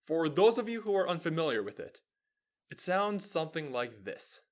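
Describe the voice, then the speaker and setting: A young adult man with an American accent hosts his own video show, explaining things in an upbeat, lecturing manner. His voice sits on the high side, sing-song, at a normal speed.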